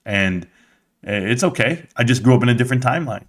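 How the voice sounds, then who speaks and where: A man's voice: mid-range voice, animated, fast talker, fairly bright tone. A middle-aged man from the United States hosting a live stream, talking straight to his chat in a rambling, casual rant with frequent restarts.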